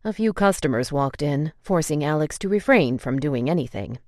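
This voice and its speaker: Low-voiced woman narrating an audiobook. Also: moderate pace, no echo, studio quality. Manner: expressive storytelling. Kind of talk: scripted narration.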